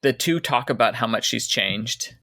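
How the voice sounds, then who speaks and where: Dude on a book podcast reading bits out loud, middle pitch, dry close mic. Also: male voice, animated, normal speed, vocal fry, dry recording. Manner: reads novel passages aloud between chatty comments. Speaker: podcast co-host. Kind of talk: casual book discussion with read-aloud passages.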